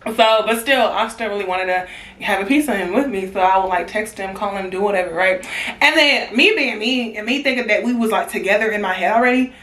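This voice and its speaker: A young woman in a casual storytime vlog, animated and slangy, swearing and laughing often. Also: medium pitch, brisk. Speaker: vlogger. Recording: roomy echo.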